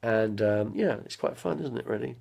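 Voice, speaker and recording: Man, gravelly voice, rambling chatty live stream, at home, mid pitch. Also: animated, normal speed, a little mellow. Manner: chatty, drifting between anecdotes, bursts into impressions and song. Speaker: vlogger chatting to live viewers.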